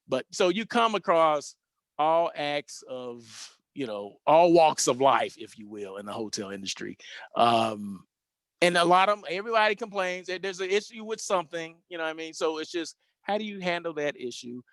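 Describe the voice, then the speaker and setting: Male host, casual storytelling monologue, loose and self-correcting, higher-pitched, dry close mic. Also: animated, normal speed, no echo. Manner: rambling, self-correcting, chatty.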